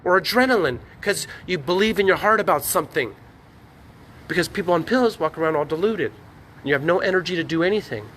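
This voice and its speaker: A man ranting in a rambling, profane, preachy vlog monologue, talking excitedly to his phone camera. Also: a little high, a little fast, slight background noise. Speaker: vlogger. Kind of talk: rambling selfie-video monologue. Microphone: phone on a tripod.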